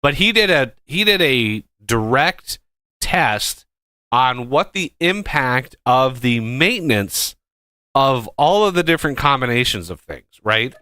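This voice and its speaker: A man talks through a farming game in an unhurried, rambling way. His pitch swings widely as he talks, and his voice is bright and forward. The sound is dry and close, with little room in it. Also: big pitch swings, no echo. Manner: rambling, full of fillers and restarts. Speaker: gameplay streamer. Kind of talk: casual gameplay commentary.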